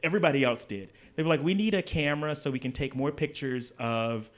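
A man with a slightly high voice chats through an anecdote in a podcast interview. He slips into little impressions of the people he met, so his voice swings lively, and he talks in a loose, conversational way. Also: brisk. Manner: animated storyteller, acts out dialogue with big swings in voice. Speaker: interview guest, designer. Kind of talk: casual storytelling in a podcast interview.

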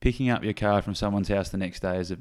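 A man co-hosting a podcast in relaxed, rambling casual chat. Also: lowish voice, fast talker. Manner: relaxed, rambling, with frequent fillers and "reckon". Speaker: podcast co-host.

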